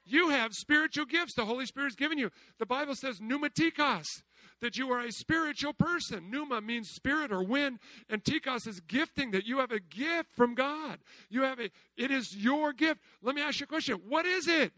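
A middle-aged pastor with a strikingly high, bright, forceful voice preaching to his congregation. He fires questions at the crowd and dips from loud calls into near-hushed lines. The sound is dry and close, with no room echo. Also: expressive, normal speed. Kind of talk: sermon.

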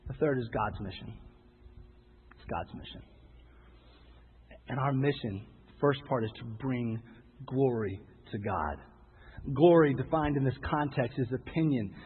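A man's voice: medium pitch, slightly rough. A man preaching a sermon in a conversational, emphatic way, repeating phrases and acting out quoted voices. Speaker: pastor. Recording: tinny phone-like sound with long hall reverb.

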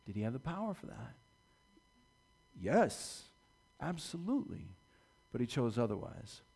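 A man preaching a sermon, retelling a story dramatically and swinging from loud to hushed delivery. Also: medium pitch, big pitch swings, a little slow, vocal fry, breathy edge. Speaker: pastor.

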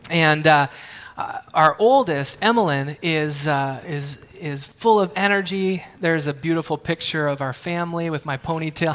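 A man's voice: fairly high pitch, normal speed, a bit bright. A man in his thirties preaching, telling family stories in a conversational, joking way and asking the audience questions. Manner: conversational, self-deprecating, asks the audience questions. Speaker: pastor. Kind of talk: sermon with family anecdotes. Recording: long reverb of a large hall.

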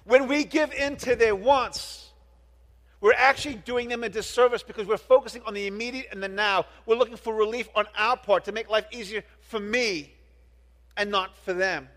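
Middle-aged pastor guy preaching, kinda high voice, earnest, lots of restarts, big echoey hall. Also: normal speed, a bit bright. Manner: earnest, often restarts words and asks the congregation questions. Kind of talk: sermon. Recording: long reverb of a large hall.

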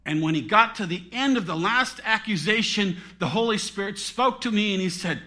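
A middle-aged male pastor preaching a sermon, swinging between loud dramatic peaks and hushed, near-whispered drops. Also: high voice, animated, moderate pace, hardly any pauses.

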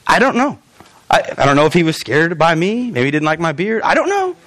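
A male pastor preaching a sermon in a church, animated and often acting out quoted voices. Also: a little high, brisk.

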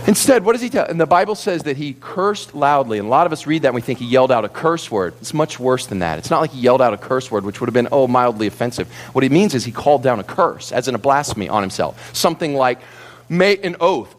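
Animated man preaching a sermon. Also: medium pitch, quick pace. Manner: animated, theatrical storytelling. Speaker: pastor.

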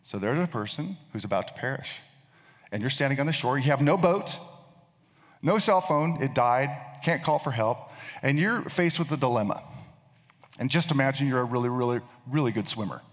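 A male pastor with a medium-pitched, lively voice preaches a sermon at a moderate pace. He tells a story and often repeats words as he thinks. The recording carries the long reverb of a large hall.

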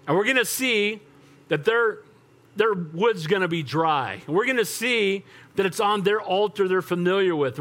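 An older male pastor delivers a sermon in a high-pitched voice that swings up and down. His delivery is animated, rhetorical, and storytelling, and he punctuates points by calling for an amen.

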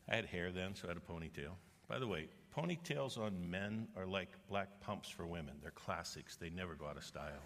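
Deep-voiced male preacher in a reverberant hall. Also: normal speed. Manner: animated, humorous preaching, rising to forceful exhortation. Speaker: pastor. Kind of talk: sermon. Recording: long reverb of a large hall.

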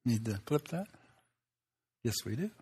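A man's voice: medium pitch, very animated, unhurried, darkish tone, husky. A man preaching a sermon, folksy and conversational, with rhetorical questions and frequent chuckles. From Swedish Lutheran background. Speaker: pastor.

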